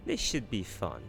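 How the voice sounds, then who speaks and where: A man's voice: on the low side, vocal fry, fairly bright tone, full character voice. A man voicing a campy, flamboyant, cheerful man with a put-on Italian accent that drifts toward Russian, reading game dialogue aloud.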